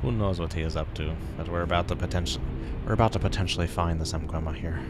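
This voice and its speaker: A man streaming a submarine game, commenting casually, joking and reacting excitably while talking to his chat. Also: low-pitched, quick pace. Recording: voice over game music.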